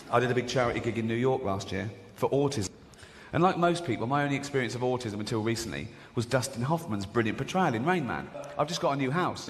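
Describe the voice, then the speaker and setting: A man doing a stand-up comedy routine, chatty and mocking, laughing at his own jokes. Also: mid-range voice. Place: large theatre with live audience. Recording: echoey hall with audience noise.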